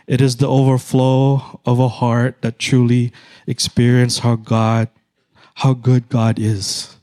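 Slow, measured Filipino man preaching. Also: mid-range voice, warm tone. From Philippines. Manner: slow, measured, emphatic repetition. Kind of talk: sermon.

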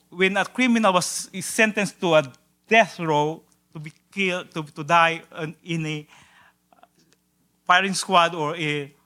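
A man preaching a sermon, swinging from hushed, low passages to loud, drawn-out exclamations, with occasional stumbles and repeated words. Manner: drawn-out emphatic quotations. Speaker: pastor.

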